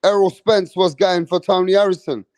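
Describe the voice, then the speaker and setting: A cocky man runs a casual boxing live stream, swearing freely and calling out his viewers. His voice sits a little high for a man. The sound is close and dry with no room echo. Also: steady tone, moderate pace, darkish tone. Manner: boastful, brash and profane, addressing the chat. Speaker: boxing channel host.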